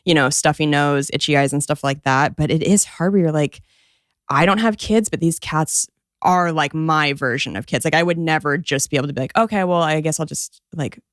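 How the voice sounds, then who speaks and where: A woman comedian with a lowish voice chats as a podcast guest. She is easygoing and agreeable and keeps saying yeah. The recording is close and dry, with no room sound. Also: no echo. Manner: agreeable, lots of quick affirmations. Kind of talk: casual chat.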